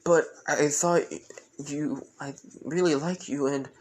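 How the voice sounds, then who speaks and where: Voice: mid-range voice, steady tone, a little hiss or hum, lightly acted. Shy teen boy hero, stammering and earnest, voiced by the narrator of a fan story. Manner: stammering, halting.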